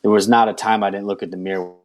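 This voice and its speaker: Interview guest, man, lowish voice, candid storyteller who slips into his own past lines. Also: flat delivery, rapid-fire, a little mellow. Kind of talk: personal testimony.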